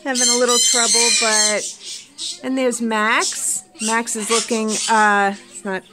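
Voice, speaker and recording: A woman with a high voice and an unhurried pace talks casually about her pet birds at home. She chats to the camera and coos and scolds the birds in baby talk. Loud parrot squawks fill the background. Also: level tone, very noisy. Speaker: pet bird owner and vlogger. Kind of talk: casual chat to camera and pets. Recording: loud bird screeches behind. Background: loud parrot squawks and screaming.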